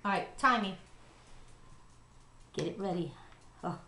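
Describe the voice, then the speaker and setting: A middle-aged woman taking on a food challenge in a casual home vlog, loud, excitable, laughing and swearing. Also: lowish voice, takes it slowly, creaky, a little hiss or hum. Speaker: vlogger doing a food challenge. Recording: echoey room.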